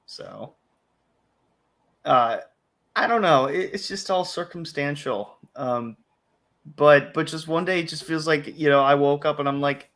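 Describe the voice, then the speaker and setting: Guy hosting a late night stream, bright edgy voice, rambles and restarts a lot. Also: fairly high pitch, clear, resonant tone. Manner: rambling, self-interrupting, frequent restarts and quoted asides. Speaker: livestream host. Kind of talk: casual chat.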